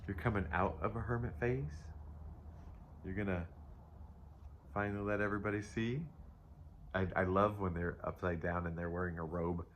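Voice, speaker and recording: Man, low voice, casual rambling tarot reader talking to camera; faint background noise. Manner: rambling, self-interrupting, playful asides. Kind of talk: casual spiritual tarot reading.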